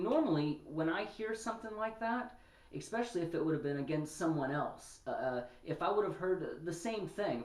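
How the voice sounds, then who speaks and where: A man's voice: on the high side, distant mic. A man telling a personal story in a casual, rambling monologue, getting worked up as he goes. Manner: rambling, animated when upset, many restarts. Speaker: podcast host. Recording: echoey room, voice off-mic.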